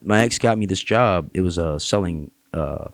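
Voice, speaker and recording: Brash, profane man, low voice. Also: moderate pace, no room sound, studio quality. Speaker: podcast guest, actor. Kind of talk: casual chat. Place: podcast studio.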